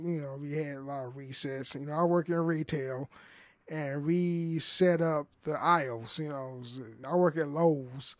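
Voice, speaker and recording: On his solo podcast, a young male host with a voice on the high side chats loosely, cursing, laughing often, and restarting what he says. There's no room sound at all.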